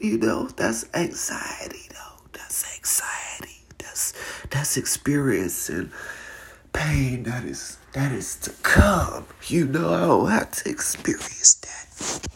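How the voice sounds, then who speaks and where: A woman hosting a podcast, speaking in a raw, emotional and confessional way. She drifts between tearful and hushed, and moves into prayer. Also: a bass voice, big pitch swings, slow, vocal fry, in a whisper. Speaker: podcast host.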